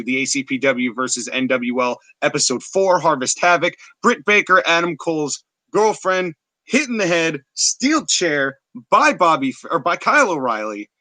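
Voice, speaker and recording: A fairly high, bright male voice that tells a story in an animated, chatty way. The sound is dry and close, with no room echo. He is hosting a casual podcast recap. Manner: animated, chatty, with filler words. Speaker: podcast host. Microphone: live-stream setup.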